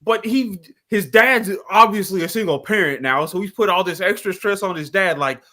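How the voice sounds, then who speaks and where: A man on a casual podcast, ranting with lots of swearing and an animated, worked-up delivery. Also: high-pitched, moderate pace, few pauses. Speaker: podcast co-host.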